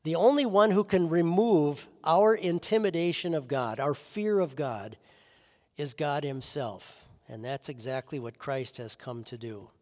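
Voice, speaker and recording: A man's voice: on the high side, measured pace. Earnest preacher man in a reverberant hall. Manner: earnest, often restarts phrases, soft drops at line ends. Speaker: pastor. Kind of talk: sermon.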